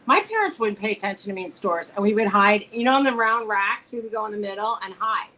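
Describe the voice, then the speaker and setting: Her mid-range voice is animated, quick, pushed, and bright, captured on a rough recording. She's a co-host in a friendly casual chat, telling meandering stories and frequently starting over.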